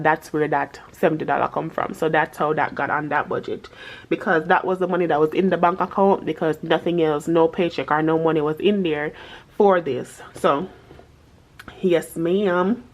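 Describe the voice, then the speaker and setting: Woman, Jamaican accent, casual vlog chat, patois phrases, slightly low voice, somewhat muffled recording. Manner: chatty, laughing, mixing patois into her talk. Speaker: budgeting vlogger.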